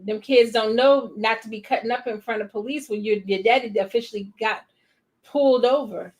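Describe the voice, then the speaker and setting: A woman's voice: a little high, steady tone, brisk. A woman hosting a movie watch-along, talking back at the screen in disbelief in a chatty, rambling way with trailing restarts. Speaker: movie reaction host. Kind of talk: casual watch-along commentary.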